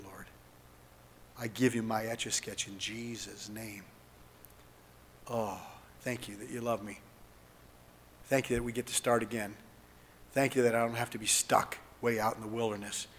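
Pastor guy praying out loud, goes quiet then fired up, big hall echo. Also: medium pitch, slightly rough. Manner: earnest, leads a prayer for listeners to repeat, swings from hushed to fervent. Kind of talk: sermon with spoken prayer.

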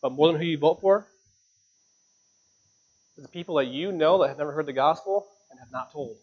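A man preaching a sermon in a church, earnest, with sudden rises in pitch and volume on key points. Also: fairly quick, husky, highs cut off. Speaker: pastor.

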